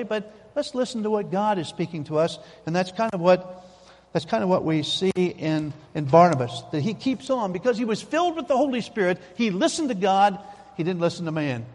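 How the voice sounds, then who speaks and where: Guy preaching a sermon, kinda high voice, homey and punchy, big echoey church sound. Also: darkish tone. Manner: folksy, emphatic, repeats key phrases. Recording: long hall reverb.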